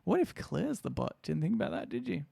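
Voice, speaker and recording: A man's voice: on the high side, big pitch swings, fairly quick, gravelly, dark tone, husky, no echo, studio quality. An Australian man co-hosting a podcast in casual chat, playful and teasing, laughing often. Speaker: podcast co-host.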